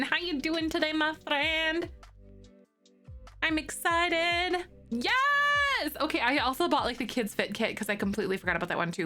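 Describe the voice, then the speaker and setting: Bubbly young woman streamer chatting. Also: a little high. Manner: bubbly, greets chat by name, squeals when excited. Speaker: Twitch streamer. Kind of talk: casual live-stream chat while playing a game.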